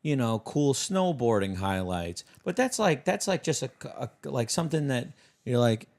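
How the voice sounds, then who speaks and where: A man's voice: mid-range voice, sing-song, moderate pace, gravelly, darkish tone. A man hosting a podcast, talking loosely and teasing his guests, with a lot of filler words. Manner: chatty, loose, teasing, lots of "like". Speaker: podcast host. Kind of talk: casual chat.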